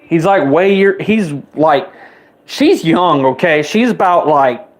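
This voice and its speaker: A man's voice: a little high, animated. Twenty-something guy venting mad, cussing nonstop, voice shoots up when he's worked up. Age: 20s. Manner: heated, rapid-fire swearing, voice spiking up when riled. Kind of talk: angry profane rant to the camera.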